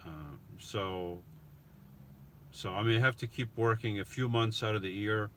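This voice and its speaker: Chatting casually on a phone livestream from his van, a middle-aged man reads out viewers' comments and responds to each. He speaks at a measured pace in a lowish, fairly bright voice with fairly even intonation, over slight hiss or hum.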